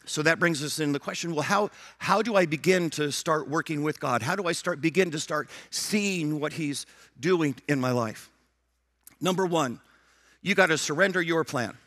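A man's voice: on the high side, normal speed, a bit bright, dry recording, clean studio sound. A middle-aged man preaching a sermon as pastor, emphatic, repeating his phrases and acting out prayers and dialogue.

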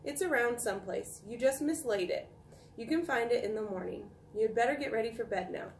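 A woman's voice: on the high side, fairly quick, slight background noise, natural voice. A woman voicing a busy mother who brushes off her son's worries, in a matter-of-fact tone, recorded from a distance in an echoey room. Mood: dismissive.

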